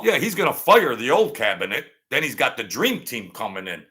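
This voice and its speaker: A man's voice: mid-range voice, big pitch swings, brisk, bright, forceful tone. A man hosting his own channel, delivering combative, sarcastic political commentary and repeating lines for emphasis.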